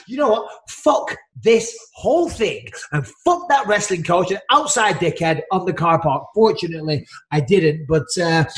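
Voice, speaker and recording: A man's voice: on the high side, breathy edge, no room sound. A man co-hosting a podcast, telling profane stories in casual chat. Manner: profane, animated storyteller. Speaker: podcast co-host.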